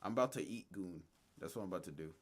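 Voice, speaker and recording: A man's voice: sits low, animated, very fast, slightly rough, no room sound. A man livestreaming and chatting casually with his viewers, talking in slang, rambling and laughing often. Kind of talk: casual stream chat, reading chat aloud.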